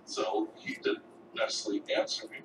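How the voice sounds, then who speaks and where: A man playing a tabletop game, hesitant with fillers. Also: brisk. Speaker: player. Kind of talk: casual tabletop play. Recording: roomy, distant, noisy.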